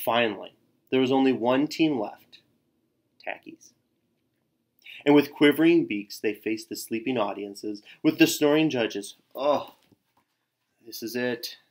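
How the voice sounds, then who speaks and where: Slow, expressive male storybook reader. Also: medium pitch. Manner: expressive, with gasps and sighs. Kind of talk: children's picture book read-aloud.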